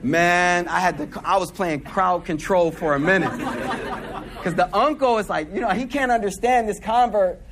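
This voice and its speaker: A man's voice: high-pitched, normal speed, a crowd in the background, background noise. A man delivers a casual sermon. He talks in loose slang, tells stories and keeps checking in with the audience. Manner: slangy, conversational, asks the audience questions. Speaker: Muslim speaker giving a talk.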